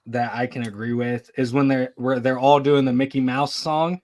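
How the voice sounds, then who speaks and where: A man's voice: mid-range voice, level tone, moderate pace, darkish tone. Blunt, cursing man in a panel chat. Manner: blunt, swears freely. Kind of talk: casual debate chat.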